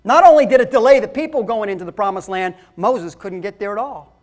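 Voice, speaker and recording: A man's voice: high-pitched, a little fast, darkish tone. A man preaching a sermon, emphatic and calling the congregation folks.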